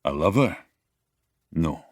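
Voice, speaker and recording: Deep husky wolf king, easygoing teasing manner, audiobook, dry studio sound. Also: animated, slow pace, no echo, exaggerated voice. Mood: wistful. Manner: easygoing, teasing, turns quiet and wistful. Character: charming brooding young male wolf-shifter king. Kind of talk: dual-narration audiobook acting. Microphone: close studio mic, dry.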